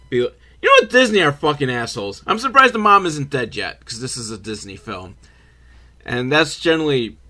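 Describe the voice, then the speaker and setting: A young man recapping a film for laughs in an animated, swearing manner, slipping into voices for the characters. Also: on the high side. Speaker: host reacting to a film.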